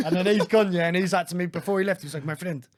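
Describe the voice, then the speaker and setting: A man telling lively, laughing stories as a guest on a casual podcast. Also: high-pitched, rapid-fire. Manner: animated, laughs often, acts out quoted voices. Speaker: guest DJ and producer.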